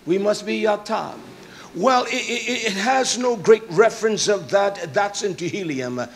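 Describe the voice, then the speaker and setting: A man preaching a sermon, emphatic, rising to shouts and dropping to soft asides. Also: sits high, a little slow.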